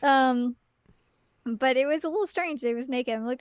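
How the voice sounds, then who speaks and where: A woman's voice: high voice, moderate pace, clear, resonant tone, no echo, studio quality. A woman chatting casually as a podcast guest, giggling and acting out her own reactions.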